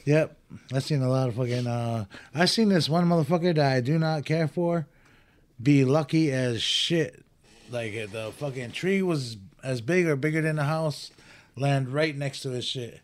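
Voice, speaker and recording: A man's voice: mid-range voice, normal speed. A man co-hosting a podcast, talking in a laid-back, profane way in casual chat. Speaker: podcast co-host.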